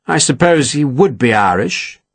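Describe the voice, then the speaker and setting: A man's voice: medium pitch, animated, a little slow, gravelly, no room sound. A man voicing a genial, evasive colonel who speaks in a grand, placating way.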